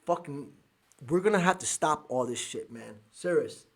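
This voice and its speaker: Angry podcast guy cussing through news clips, husky, kinda high voice. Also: lively intonation, normal speed, a bit bright. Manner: furious, profane ranting. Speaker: podcast host. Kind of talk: angry commentary reacting to clips.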